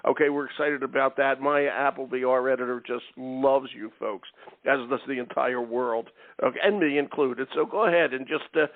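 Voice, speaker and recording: A man with a gravelly voice hosts a talk radio show and chats in a loose, joking way. The sound is dry and narrow, like a phone line. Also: medium pitch, fairly even intonation, normal speed, no room sound. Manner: jokey, chatty, repeats "okay".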